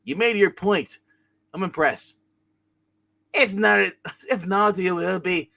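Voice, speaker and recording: Scrooge McDuck, a man doing a gruff old duck tycoon. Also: high-pitched, takes it slowly, sharp tone, full character voice. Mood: smug. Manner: gloating, boastful. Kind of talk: live comic reading.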